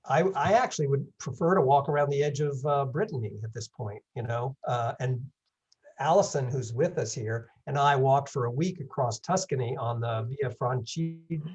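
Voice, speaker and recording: A man's voice: mid-range voice, a little mellow, breathy edge, low-quality recording. A man in his seventies giving a rambling, good-humored talk with questions over a video call. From England. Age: 70s. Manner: rambling, self-correcting, wry humor. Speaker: guest speaker. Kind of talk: online presentation Q&A.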